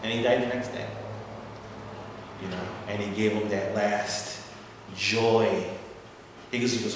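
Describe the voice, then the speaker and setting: A man in the audience tells a personal story casually. He rambles, with many fillers and restarts, and he turns animated when he quotes others. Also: fairly low pitch, slow pace, long pauses. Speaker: audience member sharing a story. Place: assembly hall. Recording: distant echoey hall recording with clear room noise.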